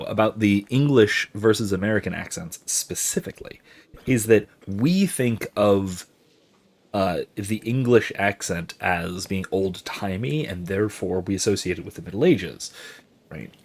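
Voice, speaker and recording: This gaming channel host has a somewhat low, slightly rough voice and an unhurried delivery. He gives casual, professorial commentary as he plays, meandering with plenty of ums and restarts, and he reads out viewer chat to react to it.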